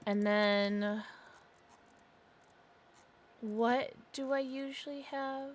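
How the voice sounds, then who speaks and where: A woman livestreaming a game in a slightly high voice, full of quick excited exclamations and easy chatter. She swears and laughs freely as she talks. A faint hum sits behind her voice. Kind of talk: casual gameplay commentary.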